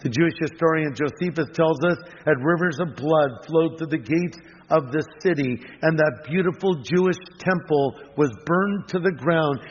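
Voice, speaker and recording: Older male preacher in a reverberant hall. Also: on the high side. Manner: earnest preaching with conversational asides. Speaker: pastor. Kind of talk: sermon. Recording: long hall reverb, dull lo-fi sound.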